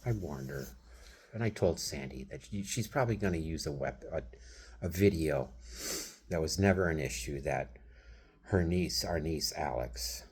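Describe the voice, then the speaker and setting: A man's voice: rumbling low, breathy edge. A man in his thirties venting in a rambling monologue to camera, addressing someone who isn't there and dropping into whispered asides. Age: 30s. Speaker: vlogger.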